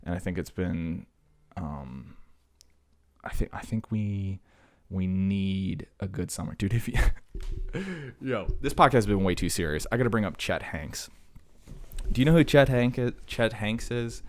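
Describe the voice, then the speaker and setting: A man's voice: low-pitched, normal speed. A young adult man hosting a podcast, chatting casually in a rambling, jokey, self-deprecating way with lots of fillers. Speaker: podcast host. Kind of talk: casual solo chat.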